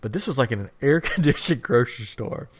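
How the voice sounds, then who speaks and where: A man's voice: medium pitch, expressive, fairly quick, noisy background. A man hosting a podcast, telling a rambling funny story in a casual chat and laughing as he goes. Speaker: podcast host.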